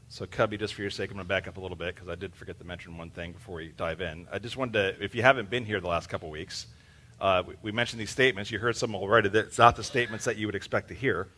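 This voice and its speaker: A man's voice: sits low, fairly even intonation, quick pace, bright, forceful tone, a little hiss or hum. A man preaching a sermon as pastor in a church, in a casual, joking way with lots of fillers. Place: church sanctuary. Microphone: handheld microphone.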